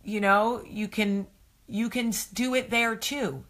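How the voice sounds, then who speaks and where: Woman, live-stream host, bright tense voice, chatty, effusive, reads viewer comments aloud. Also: a little high, fairly even intonation, slow. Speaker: host of a live advice show. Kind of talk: casual live-stream chat.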